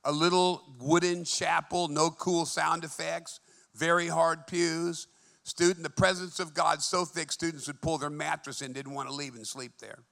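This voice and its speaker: Male preacher, fervent sermon delivery, bright and tense tone, hushed-to-emphatic swings. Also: fairly high pitch, gravelly. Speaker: pastor. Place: church.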